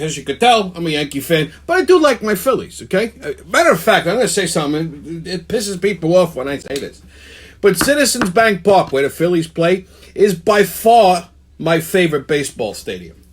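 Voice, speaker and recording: A man, hosting a ranting weekly commentary, heated and swearing constantly. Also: high voice. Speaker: show host.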